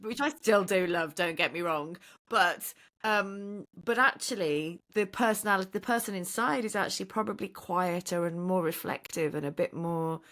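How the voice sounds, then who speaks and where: A woman's voice: lowish voice, normal speed, a bit bright. A woman in her forties, a podcast guest, reflecting openly in conversation and often seeking agreement with tag questions. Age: 40s. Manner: open, musing, seeks agreement with tag questions.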